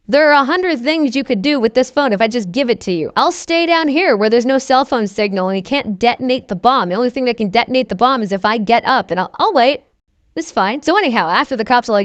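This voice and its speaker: Woman ranting a movie review, sarcastic, swears a lot, kinda high voice, dry close sound. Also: animated, fast talker, no echo, lo-fi sound. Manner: sarcastic and profane, digresses on tangents. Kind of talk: casual, unscripted movie review to camera.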